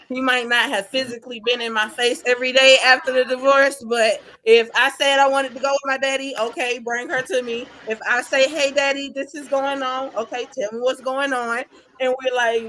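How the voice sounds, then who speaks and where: A woman's voice: on the high side, fairly bright tone, a little hiss or hum. A woman talking about her father in a casual, heartfelt podcast chat, laughing often. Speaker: podcast guest.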